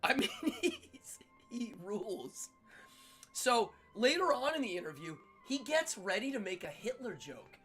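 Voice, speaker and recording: Animated middle-aged man telling stories. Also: very high voice, a little slow, soft background music. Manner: animated, laughs often, acts out quotes. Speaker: livestream host. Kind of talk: casual storytelling chat.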